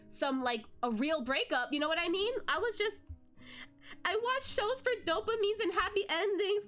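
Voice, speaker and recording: A woman's voice: sits high, fairly bright tone. A young adult woman hosting a VTuber channel, chatting casually and emotionally to her viewers, with fillers and laughs. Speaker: VTuber host. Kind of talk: casual chat to viewers, venting about a drama. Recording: faint background music.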